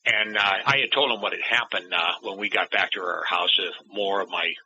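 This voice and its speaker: A middle-aged man, a guest in an interview, tells a personal story and acts out the dialogue he remembers, shifting voices for each part. His low voice is fairly quick, pushed and bright, with fairly even intonation. The lo-fi audio sounds dull and carries a little hiss or hum.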